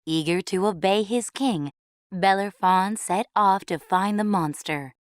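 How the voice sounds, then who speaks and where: Slow, measured woman storyteller. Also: medium pitch, dry recording, clean studio sound. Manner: clear, measured read-aloud. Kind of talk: storybook reading for English learners.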